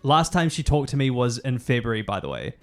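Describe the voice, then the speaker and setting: A man's voice: medium pitch, big pitch swings, a little fast, soft background music. A young man with a New Zealand accent, a streamer chatting casually and reading out viewer messages. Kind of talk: casual chat.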